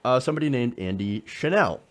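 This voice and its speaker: A man's voice: medium pitch, animated, a little fast. A man hosting casual political commentary, talking conversationally with sarcasm and frequent fillers.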